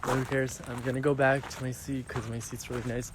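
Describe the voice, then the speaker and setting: A man's voice: mid-range voice, level tone, a little fast, background noise. Chatty young man livestreaming outdoors. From France. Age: 20s. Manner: chatty, rambling, many fillers. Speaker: livestream host. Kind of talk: casual livestream chat. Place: outdoors by the sea.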